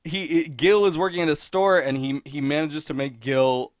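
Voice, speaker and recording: A man's voice: a little high, steady tone, moderate pace, no room sound, clean studio sound. Rambling man in wry solo commentary. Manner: rambling, self-interrupting, wry, laughs at own points. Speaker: podcast host reviewing episodes.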